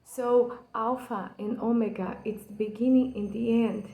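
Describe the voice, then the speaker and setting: Her voice is fairly high, warm, and gravelly, with fairly even intonation and a somewhat slow pace. A channel host from Brazil, she explains a poem earnestly in English, her second language, with a Brazilian Portuguese accent, sounding passionate yet hesitant with many fillers and restarts. The audio is poor and reverberant.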